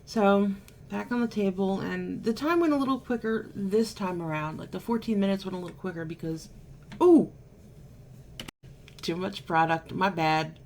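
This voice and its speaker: A woman's voice: mid-range voice, normal speed, slight background noise. A woman vlogger telling a story casually to camera, chatty and sarcastic, still a bit unwell.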